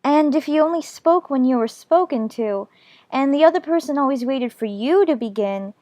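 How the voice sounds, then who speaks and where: A woman voicing high, earnest young Alice. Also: animated, moderate pace, a little mellow. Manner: earnest, argumentative, slightly prim. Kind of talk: full-cast audiobook acting.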